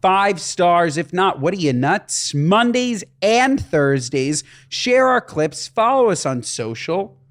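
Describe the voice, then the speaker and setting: A man co-hosting a comedy podcast with a fairly high voice. He rants in exasperated comic bursts, all mock outrage and punchlines. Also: sing-song, takes it slowly, hardly any pauses, a bit bright. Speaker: podcast co-host. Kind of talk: comedic casual podcast chat.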